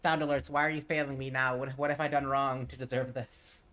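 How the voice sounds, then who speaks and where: Speaking briskly in a mid-range, slightly bright voice with little pitch movement, this streamer from Tennessee chats casually with his audience while gaming. He rambles and is easily pulled off topic.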